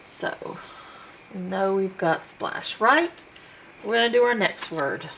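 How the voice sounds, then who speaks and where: A woman teaching a phonics lesson, sounding out letters one by one in a slow, patient way. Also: mid-range voice, sing-song, creaky, fairly bright tone, slight background noise, poor audio. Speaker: homeschool teacher.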